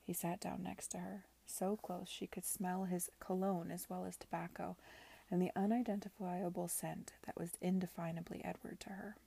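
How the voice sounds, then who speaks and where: A woman reads a novel aloud, softly and often close to a whisper. Her voice is low and gravelly with a husky, mellow grain. The recording is close and dry. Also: flat delivery, normal speed. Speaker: reader.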